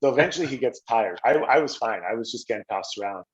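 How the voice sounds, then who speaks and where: A man's voice: quick pace, husky. A middle-aged Canadian man, a former hockey player, telling stories casually on a podcast and acting out quotes with a raised voice. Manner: animated, acts out quotes with raised pitch. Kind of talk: casual storytelling. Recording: slightly dull lo-fi audio.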